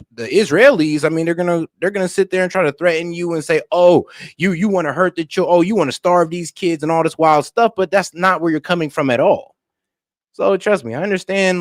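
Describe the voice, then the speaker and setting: A man giving loose, slangy casual commentary as a reaction streamer, thinking out loud. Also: on the high side, no echo, studio quality.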